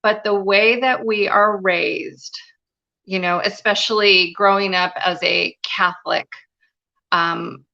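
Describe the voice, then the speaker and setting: Earnest bright-voiced woman storyteller. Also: medium pitch, fairly even intonation, takes it slowly, creaky, lo-fi sound. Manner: earnest, confiding, frequent "you know" fillers. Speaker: guest, spiritual and business mentor. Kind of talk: personal storytelling in a live interview.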